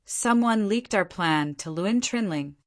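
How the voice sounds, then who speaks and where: A woman's voice: mid-range voice, expressive, measured pace, lightly acted. A woman reading the lines of a frustrated grown man, a tribal leader, in a muffled, defensive way.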